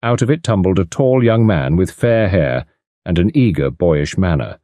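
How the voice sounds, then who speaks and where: A man narrating an audiobook in an expressive reading style. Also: sits low, normal speed, no echo. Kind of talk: scripted narration. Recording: dry close studio sound.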